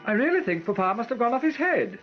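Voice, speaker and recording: An actor playing an anxious, wry young aristocrat with a slightly husky voice. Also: male voice, very high-pitched, very animated, fast, lo-fi sound, faint music behind. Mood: fretful. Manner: wry, fretful, clipped.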